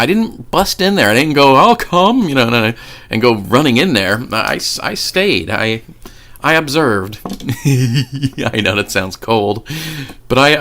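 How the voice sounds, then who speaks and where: A man's voice: mid-range voice, fairly bright tone. A young man telling a ghost story in casual, rambling fashion, swearing often and stumbling over restarts. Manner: rambling, profane, stammering restarts. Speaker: paranormal vlogger.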